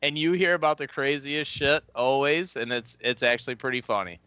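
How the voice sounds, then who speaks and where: Bright-voiced, rambling man telling stories. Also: medium pitch, fairly quick, clean tone, no room sound, dull audio. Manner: rambling, profane, animated storytelling. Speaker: podcast guest, former football player. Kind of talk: casual chat.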